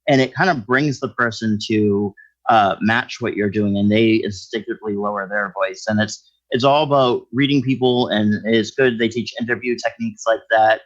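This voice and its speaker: A man's voice: lowish voice, muffled recording. A man talking as a guest in a casual interview, explaining his work in a thinking-aloud way. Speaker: skip tracer guest.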